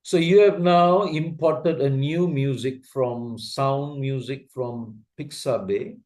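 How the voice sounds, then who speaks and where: Slow, patient man teaching software. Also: medium pitch. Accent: Asian English. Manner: patient, repeats checks like "can you see that?". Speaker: trainer teaching video editing. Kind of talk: slow step-by-step software tutorial.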